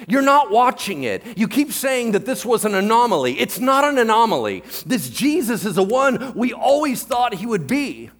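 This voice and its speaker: Picture a bold, exasperated preacher lecturing a hostile council, as a man acts him out. His husky voice rides high and swings widely in pitch. He keeps repeating himself to hammer each point home. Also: big pitch swings, normal speed, hardly any pauses, fairly bright tone, full character voice. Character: bold adult male preacher Stephen confronting the council.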